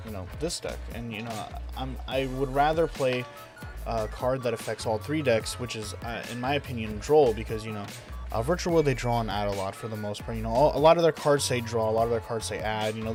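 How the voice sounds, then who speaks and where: A man's voice: mid-range voice, moderate pace. Chatty young man over background music. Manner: enthusiastic, rambling, frequent fillers and laughs. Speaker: YouTube card game deck reviewer. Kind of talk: casual deck profile commentary.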